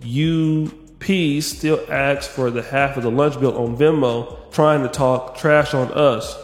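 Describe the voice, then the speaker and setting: A man's voice: mid-range voice, takes it slowly, no echo, soft background music. A man giving casual reaction commentary, reading out posts and calling for sound effects. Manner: animated, reads out posts, begs for sound effects. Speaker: online commentator.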